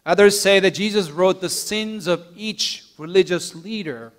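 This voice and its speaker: A man's voice: high voice, a little slow. Earnest man preaching a sermon. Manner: earnest, gentle storytelling with soft hushed endings; small restarts and repeated words. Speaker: pastor.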